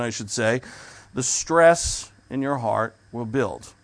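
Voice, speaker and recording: A man, a pastor, preaching a measured sermon with frequent fillers, restarts and throat clearing. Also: medium pitch, expressive.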